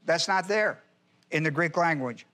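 Emphatic high-voiced male Bible teacher. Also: a little slow, sharp tone. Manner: emphatic, repeats key phrases, quizzes the class. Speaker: pastor.

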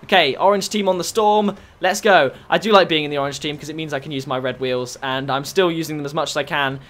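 A young man giving chatty, excitable live commentary over his own gameplay. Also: on the high side, quick pace. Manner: excitable, chatty, bursts into shouts and laughs. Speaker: gaming YouTuber.

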